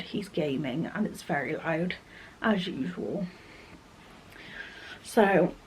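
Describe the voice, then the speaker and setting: A young woman vlogging about the book she is reading, chatting casually and softly, at times dropping to a whisper, in a room at home. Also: fairly low pitch, a little hiss or hum, low-quality recording. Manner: soft-spoken, slips into a whisper at times. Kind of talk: casual chat and reading aloud.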